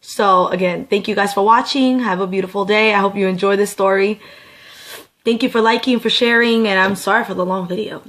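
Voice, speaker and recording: A woman's voice: mid-range voice, fairly even intonation, a little fast, fairly bright tone. A young adult woman telling a personal story on her vlog, emphatic and profane, often checking in with her viewers. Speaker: beauty vlogger.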